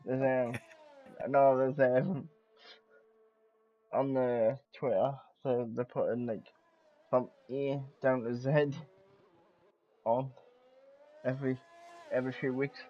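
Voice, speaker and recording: A man's voice: mid-range voice, level tone, slow, long pauses. A man hosting a co-op racing game stream, chatting in a laid-back way and teasing his partner. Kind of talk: casual gaming banter. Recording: dull lo-fi mic.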